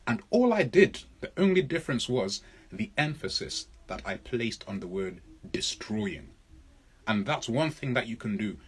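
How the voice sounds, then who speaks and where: A man leads a live public speaking lesson, working through viewer questions. His voice sits low and sounds husky, and he hits key words hard and repeats his points. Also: fairly bright tone. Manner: emphatic, answers viewer comments, repeats points.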